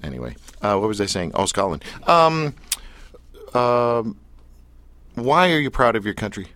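A man's voice: lowish voice, sing-song, measured pace, fairly bright tone, no room sound. A Canadian man hosting a radio show, chatty and telling anecdotes in a casual way. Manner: chatty storyteller, acts out quotes. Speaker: radio host.

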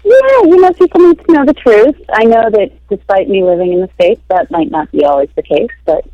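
A woman being interviewed as a guest, friendly and quick to joke back. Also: mid-range voice, animated, no echo, muffled recording. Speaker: guest, documentary director. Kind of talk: casual interview chat.

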